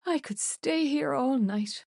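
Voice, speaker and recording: A woman's voice: sits high, slow, vocal fry, a little mellow, dry recording, clean studio sound, voice pushed up, full character voice. A woman playing a wistful middle-aged heroine.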